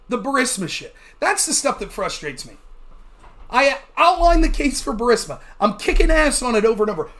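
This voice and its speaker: A male livestream host talks in a loose, swearing rant, his pitch swooping up and down as he gets worked up. The delivery stays casual and unscripted, like a streamer talking straight to his chat. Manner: animated, profane ranting.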